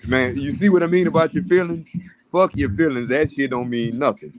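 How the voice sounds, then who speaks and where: A man's voice: a little high, a little fast, no echo, low-quality recording. A man in casual conversation, blunt and opinionated, swearing freely. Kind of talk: casual chat.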